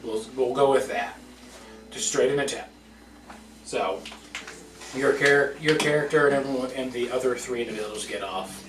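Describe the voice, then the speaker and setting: A man's voice: mid-range voice, normal speed, pauses often. A man narrating a tabletop game as game master in a casual, descriptive way. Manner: casual, descriptive, laughs easily. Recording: roomy, far-off mic with music behind.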